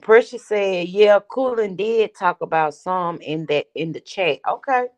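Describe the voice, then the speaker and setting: A woman in a casual gossip chat, animated, with quick exclamations. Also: mid-range voice.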